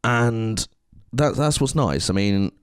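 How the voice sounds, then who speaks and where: A man's voice: mid-range voice, animated, slow, smooth, no echo, studio quality. A man with an English accent co-hosting a podcast, talking earnestly in a rambling way with many restarts. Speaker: podcast co-host. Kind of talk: casual podcast chat.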